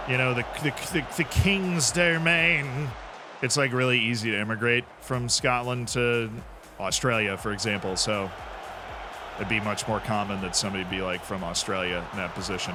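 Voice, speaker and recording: A man streaming a football management game, chatting casually, reacting to the match and answering his chat. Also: mid-range voice. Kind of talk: live gameplay commentary.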